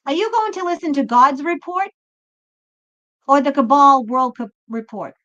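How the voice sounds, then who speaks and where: A tarot reader who hosts a spiritual channel gives a blunt, profane pep talk, swearing freely and with emphasis. Her voice is high, expressive and sharp in tone at a normal speed, and the lo-fi recording sounds slightly dull.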